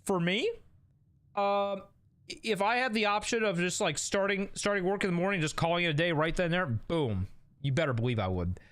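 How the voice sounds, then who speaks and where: A man's voice: high voice, expressive, brisk, fairly bright tone. A man streaming a video game, chatting casually, thinking aloud and reacting to his chat while reading on-screen text.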